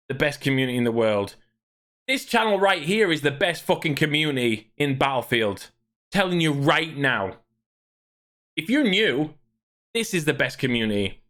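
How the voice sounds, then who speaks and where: Ranting man, slightly high voice. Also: a bit bright. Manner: profane, ranting, irritated. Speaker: streamer. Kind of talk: angry gaming rant on livestream.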